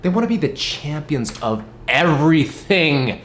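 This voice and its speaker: A young man vlogging casually, playful and mock-dramatic, swinging between loud outbursts and low asides. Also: sing-song, a little slow. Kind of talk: casual animated vlog rant. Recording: echoey room with faint noise.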